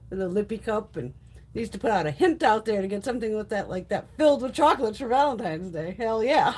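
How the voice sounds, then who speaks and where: Woman hosting a casual beauty haul stream, chatty and salty-mouthed, with a very animated voice that jumps all over. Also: medium pitch, quick pace, breathy edge. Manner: chatty, blunt, swears freely. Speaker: beauty livestream host. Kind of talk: casual live-stream chat.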